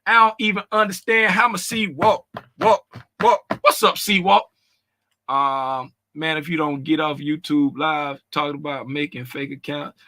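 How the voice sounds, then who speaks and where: A man with a high, very bright and cutting voice runs a casual livestream, calling out chat names one after another. He talks loud and animated, slangy and conversational, laughing often. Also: moderate pace. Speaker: trading livestream host.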